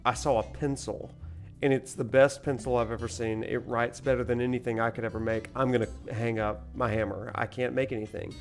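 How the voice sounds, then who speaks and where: A despondent blacksmith who thinks he can't make anything anymore, as a streamer puts him on. He sounds deflated and quiet, in an everyday male voice. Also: medium pitch, moderate pace, long pauses, faint music behind, natural voice. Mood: mopey.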